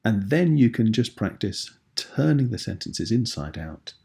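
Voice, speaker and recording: A British man teaches a video lesson with a low, gravelly voice. His tone is husky and a little rough. He explains each point patiently and clearly. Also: big pitch swings, unhurried, warm tone.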